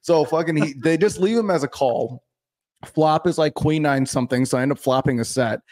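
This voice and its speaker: A man's voice: a little high, brisk, darkish tone. A man hosting a podcast, telling a card-table story in loose, profane casual chat that is full of laughter. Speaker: podcast host.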